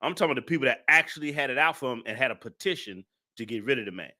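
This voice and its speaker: A man talks through a live-stream commentary in a bright, forceful voice. He is emphatic, hammers his points again and again, and fires off indignant rhetorical questions. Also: mid-range voice, animated, racing.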